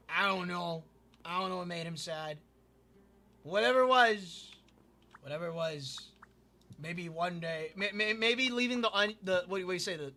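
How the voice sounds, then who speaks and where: A man's voice: high-pitched, sharp tone. A man streaming a building game and telling a rambling story, often repeating himself and tripping over his words. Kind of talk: casual storytelling while gaming.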